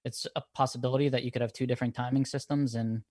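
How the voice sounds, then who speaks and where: A man's voice: mid-range voice, steady tone, quick pace, a little mellow, dry recording. Easygoing man host, dry close sound. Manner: easygoing, asks questions in loose run-on sentences. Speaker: podcast host. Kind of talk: casual interview chat.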